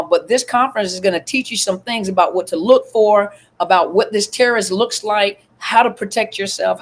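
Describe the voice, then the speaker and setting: A woman hosting a casual livestream from her phone, chatting with viewers, greeting them by name and filling pauses with lots of ums. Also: medium pitch. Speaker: livestream host.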